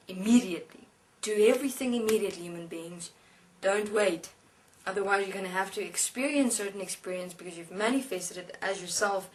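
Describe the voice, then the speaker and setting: A woman lectures in a slow, deliberate way, pausing and restarting as she instructs. Her pitch sits in a middle range. The mic is some distance from her, which gives the voice a distant sound. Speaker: speaker channeling a spirit being. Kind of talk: spiritual lecture.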